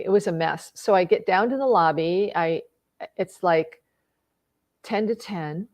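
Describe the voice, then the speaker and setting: Earnest woman telling a personal story. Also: fairly low pitch. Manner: earnest, emotional, many fillers and restarts. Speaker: personal growth speaker. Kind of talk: reflective storytelling monologue.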